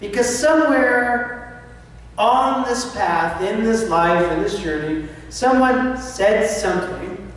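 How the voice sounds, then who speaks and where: Recorded from afar in a big, echoing church hall with slight noise, a spiritual speaker delivers a sermon in a slow, high voice. His talk is impassioned, and now and then he voices anxious thoughts as if they were characters.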